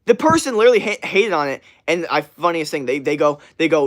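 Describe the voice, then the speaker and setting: A man's voice: fairly high pitch, animated, fast talker. A young man streaming live, chatting casually with his viewers and ranting, with a lot of swearing. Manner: profane, ranting, talks straight to viewers. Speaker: livestreamer. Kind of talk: casual livestream chat.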